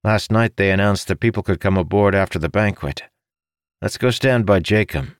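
A man voicing a loyal, tactful young male friend in an audiobook, slightly raised from his own deep voice. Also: normal speed, no room sound, clean studio sound, lightly acted. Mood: earnest. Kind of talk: audiobook character voice.

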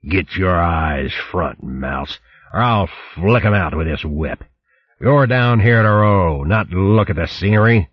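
A cruel, bullying slave master in a storybook, voiced by a man, barking orders and threats. His voice is husky and rises sharply when he shouts. The recording is dry and a little dull. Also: sits low, animated, slow, no room sound, exaggerated voice. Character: fat sadistic male slave master.

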